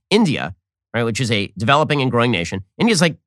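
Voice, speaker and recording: A man hosting a political commentary show, talking in a fast, mocking, sarcastic way. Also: no echo, clean studio sound. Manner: mocking, rapid-fire, animated pitch swings.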